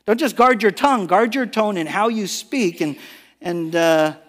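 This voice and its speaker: A man's voice: high-pitched, measured pace, fairly bright tone. A male pastor preaching a sermon in a church, earnest and emphatic, often restarting his words. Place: church sanctuary. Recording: long reverb of a large church hall.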